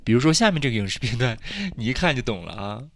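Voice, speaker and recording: A man's voice: medium pitch, sing-song, fast talker, no echo, studio quality. A man hosting an English lesson podcast, chatty and casual, explaining vocabulary with lots of repetition. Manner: chatty, repeats himself, laughs at jokes. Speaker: English teacher, podcast host.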